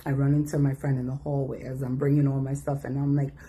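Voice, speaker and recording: A woman telling a personal story in a casual, animated way, acting out the voices of the people in it. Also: a bass voice, quick pace, husky. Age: adult. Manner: animated, acts out quoted voices.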